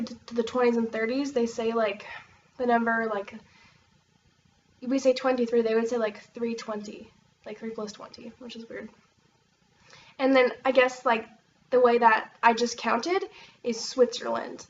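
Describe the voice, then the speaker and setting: A woman's voice: on the high side, distant mic, highs cut off, slight background noise. A young American woman from Oregon chatting casually to camera, rambling with lots of fillers and bubbly bursts. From Oregon, USA. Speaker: vlogger.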